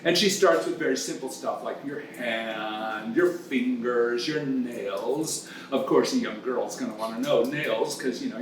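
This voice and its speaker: A man's voice: mid-range voice, distant mic, a little hiss or hum. A man hosting a comic lesson who retells a story in a playful, bawdy, teasing way. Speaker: host. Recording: echoey room, voice off the mic.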